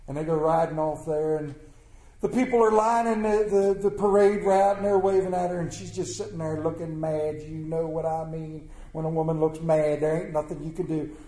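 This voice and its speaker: A man preaching a sermon as a folksy, plainspoken storyteller who swings between loud and hushed delivery. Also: fairly high pitch, steady tone, normal speed. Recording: echoey room.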